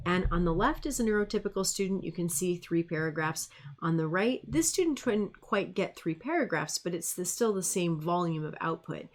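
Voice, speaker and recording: A woman's voice: on the low side, expressive, normal speed. A middle-aged woman, a speech pathologist, giving a friendly presentation full of classroom anecdotes and fillers. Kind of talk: presentation lecture.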